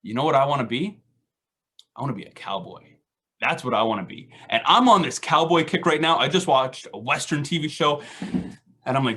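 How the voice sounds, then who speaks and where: A man's voice: mid-range voice, lively intonation, brisk, pushed and bright, slightly rough. A man giving a casual, self-deprecating faith reflection at an online recovery meeting, full of rhetorical questions.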